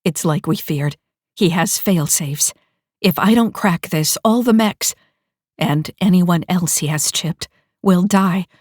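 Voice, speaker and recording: A tense female hacker teammate who reports in quickly and urgently, as a woman reading an audiobook puts her on. She pitches up and pushes harder than the narration, in a close, dry reading. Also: a little mellow, no echo.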